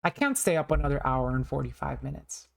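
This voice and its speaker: A woman's voice: a bass voice, a little fast, vocal fry. A young woman streaming a game, chatting casually and self-deprecatingly with her viewers. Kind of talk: casual chat while playing.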